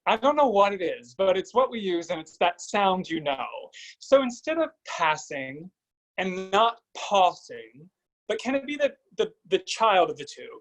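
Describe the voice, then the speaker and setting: A man's voice: sits high, expressive, normal speed, few pauses, poor audio. Man coaching singing over video call. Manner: coaching, sings short phrases to demonstrate. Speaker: vocal coach.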